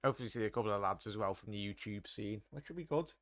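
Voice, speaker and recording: A young man hosts a live match watchalong, commentating casually, chatting to viewers and reading chat aloud in a chatty, laddish way. His voice is fairly low and expressive at a quick pace, recorded with studio quality and no echo.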